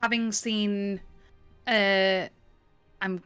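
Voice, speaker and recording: A woman's voice: mid-range voice, fairly even intonation, drawn-out words, fairly bright tone, clean tone. A woman playing in a tabletop game, speaking tentatively and hedging her words, over background music. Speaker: player.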